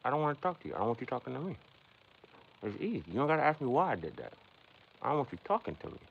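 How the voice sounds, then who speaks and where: A man's voice: medium pitch, sing-song, racing, vocal fry. A man hosting a casual livestream, rambling and philosophizing as he talks straight to his chat. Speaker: livestream host. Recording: dull lo-fi sound with faint background noise.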